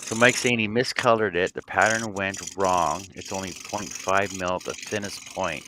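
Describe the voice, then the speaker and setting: A man's voice: sits low, moderate pace, noisy background. A man from Canada hosting a casual livestream chat, reading viewer comments with jokes and frequent laughter. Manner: laughs often, jokey. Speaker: livestream host.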